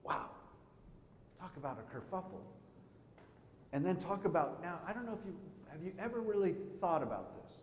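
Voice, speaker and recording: A man's voice: high voice, very animated, moderate pace, pauses often, a little hiss or hum. A middle-aged man preaching a conversational sermon as pastor, telling stories and asking the congregation questions. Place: church sanctuary. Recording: echoey church hall with a long reverb.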